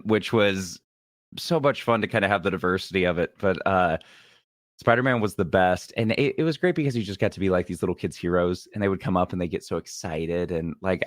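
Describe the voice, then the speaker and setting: A young adult man, a comedian guest, telling stories in a casual interview, lively and quick to laugh. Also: sits low, dry recording, studio quality. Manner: animated, laughs often, acts out quoted people.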